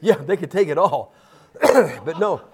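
A man's voice: on the high side, expressive, unhurried, husky. A man preaching a folksy, rambling sermon, full of restarts and asides.

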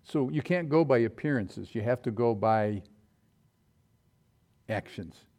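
A man preaching a sermon, telling personal stories in an animated way and acting out quotes with sudden jumps in his voice. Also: mid-range voice, a little slow.

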